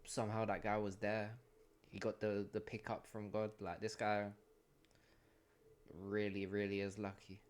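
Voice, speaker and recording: A man hosting a reaction video, commenting on the story in brief, relaxed remarks. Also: on the low side, a little slow, long pauses, smooth.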